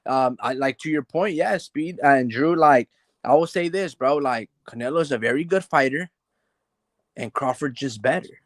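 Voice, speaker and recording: Animated man breaking down a boxing match. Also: mid-range voice, normal speed, no room sound. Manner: animated, loose, heavy on "like" and "bro", acts out fighters' thoughts. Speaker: boxing podcast host. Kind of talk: casual boxing analysis chat.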